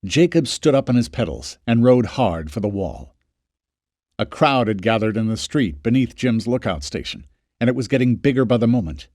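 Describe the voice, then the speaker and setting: Male audiobook narrator, lively pitch, dry close studio sound. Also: no echo. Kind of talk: scripted narration.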